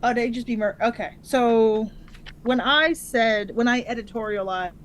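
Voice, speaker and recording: A woman player in a tabletop game, joking and quick to laugh in casual table talk. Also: on the high side, a little hiss or hum, rough recording.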